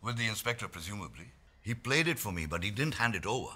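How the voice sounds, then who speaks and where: A wry professor in a film, parrying accusations with dry calm. His voice is bright and husky and moves lively up and down, with light guitar behind it. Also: fairly low pitch, fast. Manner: dry, wry, repeats accusations back incredulously. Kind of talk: film acting.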